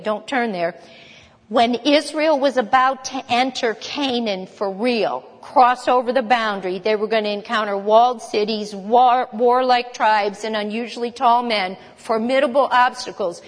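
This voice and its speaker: Emphatic woman preaching in an echoey hall. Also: a little high. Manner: emphatic, rhetorical questions, rapid mock chanting. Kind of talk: sermon.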